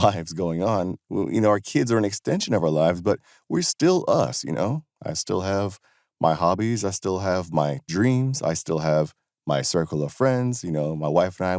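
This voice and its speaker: Guy with a real low voice just rambling on his podcast, lots of "you know, man", dry close sound. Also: a little mellow, no echo. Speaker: podcast host. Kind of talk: casual monologue.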